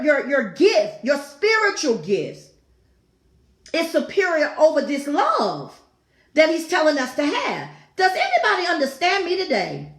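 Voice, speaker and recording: Fervent high-voiced woman preaching. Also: fairly bright tone. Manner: fervent, repeats phrases, exclaims asides. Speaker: talk show host teaching scripture. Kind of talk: preaching-style devotional talk. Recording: echoey room.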